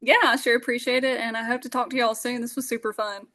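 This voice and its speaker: A woman, a podcast guest telling a lively story and acting out the voices of those in it. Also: on the high side, quick pace. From Southern Alabama. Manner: animated, acts out dialogue, many fillers. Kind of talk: storytelling in casual interview.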